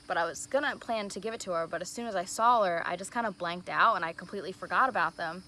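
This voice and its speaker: A young woman telling a story in a casual vlog, excited and gushing, saying "like" again and again. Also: on the low side, quick pace, slight background noise. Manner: excited and gushing, heavy use of "like". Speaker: vlogger.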